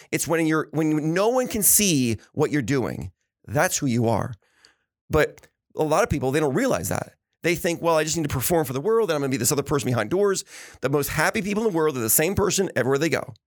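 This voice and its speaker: A man with a fairly high voice hosts a motivational podcast in earnest, preachy conversation. He tells stories and often repeats words as he talks. The sound is dry and close to the mic. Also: no echo. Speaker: podcast host.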